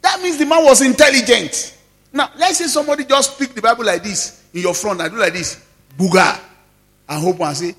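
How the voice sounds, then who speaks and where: A male pastor preaches with force, stretching key words and calling on his listeners to answer. His voice sits high for a man. The sound carries a long reverb, as in a church hall. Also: lively intonation, fairly bright tone. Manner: emphatic preaching, calls out to the congregation, drawn-out stressed words. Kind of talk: sermon.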